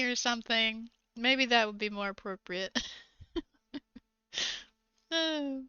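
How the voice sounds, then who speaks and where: Giggly woman streaming, chatting slow and easy, super clear voice, dry sound, kinda lo-fi mic. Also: a little high, bright, forceful tone, dry recording. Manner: giggly, chatty, laughs often. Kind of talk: casual livestream chat while crafting.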